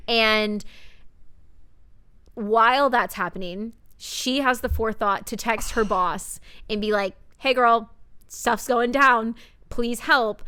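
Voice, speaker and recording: A woman's voice: mid-range voice, clear, resonant tone. Chatty young woman podcast co-host. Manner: animated, lots of fillers and retold quotes. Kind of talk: casual book chat.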